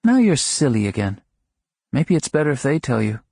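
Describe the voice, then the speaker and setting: A man reading an audiobook, voicing a fond small-town wife who coaxes and gently scolds her husband. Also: medium pitch, sing-song, normal speed, vocal fry, husky, no room sound, studio quality, pitched above the performer's own voice, exaggerated voice. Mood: teasing. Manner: light, coaxing and chiding.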